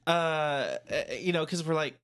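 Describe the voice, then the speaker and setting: A man's voice: fairly high pitch, clear, resonant tone. A man co-hosting a podcast, telling a funny anecdote in casual chat and acting out the quoted voices. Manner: fast, animated anecdote with quoted voices and laughs. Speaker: podcast co-host.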